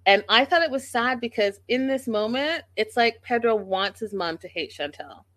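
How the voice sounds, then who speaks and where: A woman's voice: on the high side, animated, normal speed, fairly bright tone, no echo. A woman giving a casual, sassy recap of a reality show, acting out quotes in exaggerated voices.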